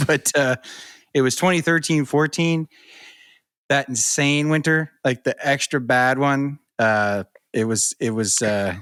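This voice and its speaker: Halting male podcast co-host. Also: mid-range voice, fairly even intonation, fairly bright tone, clear, resonant tone, dry recording, studio quality. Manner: halting, many fillers and restarts. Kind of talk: casual chat.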